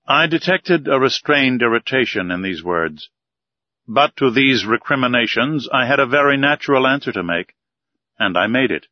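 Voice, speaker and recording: A man narrates an old adventure novel in a steady, measured storytelling voice. The sound is close and dry, with a slightly dull, muffled top end. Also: mid-range voice, no room sound. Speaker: audiobook narrator. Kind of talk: scripted narration of a classic novel.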